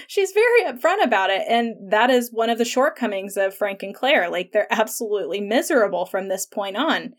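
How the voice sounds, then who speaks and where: A woman's voice: fairly high pitch, normal speed. Chatty woman podcast host. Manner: chatty and animated, many "like" fillers and laughs. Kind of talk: casual episode discussion.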